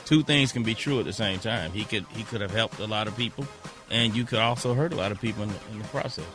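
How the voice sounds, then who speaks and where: A man's voice: on the low side, quick pace, music in the background. A man co-hosting a morning radio show, reasoning through both sides of an issue in casual discussion.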